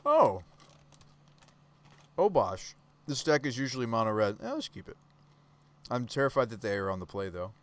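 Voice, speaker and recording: A man's voice: mid-range voice, animated, normal speed, long pauses, a bit bright. A man streaming a card game live, giving casual, chatty commentary and tossing questions to his chat.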